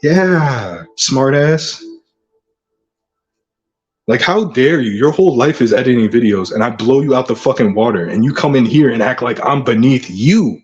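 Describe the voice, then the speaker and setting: A man's voice: medium pitch, animated, normal speed, darkish tone, dull audio. A man hosting his own channel, delivering an aggressive, profane rant full of taunting insults. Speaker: channel host. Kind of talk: ranting vlog monologue.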